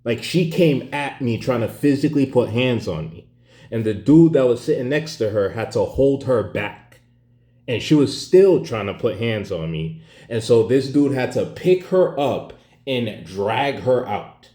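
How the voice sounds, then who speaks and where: A man's voice: medium pitch, animated, a little slow, mellow. A man telling a story as a profane, sarcastic rant, in an echoey room.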